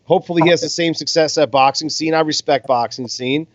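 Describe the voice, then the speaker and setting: A man's voice: on the high side, quick pace, crowd noise. A man co-hosting a casual boxing podcast, commentating on fights over beers in a laid-back, sweary way. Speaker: podcast co-host. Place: home in Las Vegas. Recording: dull, dry lo-fi sound.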